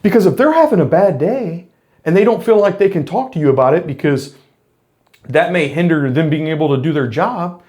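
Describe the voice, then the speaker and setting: A man's voice: on the high side, lively intonation, a little fast, darkish tone. A middle-aged man, a former police officer, talking earnestly in a reflective monologue to camera, explaining his points with frequent restarts.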